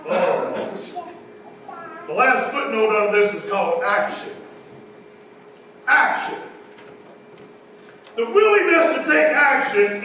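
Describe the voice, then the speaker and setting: A man's voice: very high voice, pushed and bright, very echoey, far from the mic, slight background noise, low-quality recording. A man preaching a sermon in a folksy, emphatic way, often repeating his phrases, in a church meeting room.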